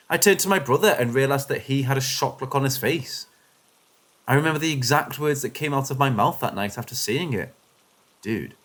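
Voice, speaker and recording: A man giving scripted, expressive narration of first-person paranormal stories, shifting his delivery with the suspense. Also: fairly high pitch. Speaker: story narrator.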